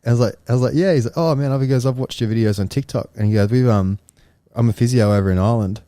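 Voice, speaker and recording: A man's voice: medium pitch, steady tone, dark tone, dry recording. A man co-hosting a podcast, telling stories in a casual chat and swearing freely. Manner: storytelling, swears freely, quick asides. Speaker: podcast co-host.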